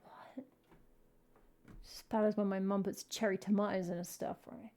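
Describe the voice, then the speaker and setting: A woman's voice: medium pitch, level tone, moderate pace, darkish tone. A woman from England, a singer-songwriter chatting playfully with wry jokes between songs on her live stream. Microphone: headphones and stream mic.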